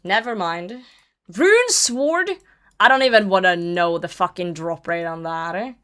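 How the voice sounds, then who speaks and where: A woman's voice: on the low side, steady tone, moderate pace, fairly bright tone, clear, resonant tone. A young woman streamer chatting casually while she plays, swearing and laughing often. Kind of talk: casual chat while gaming.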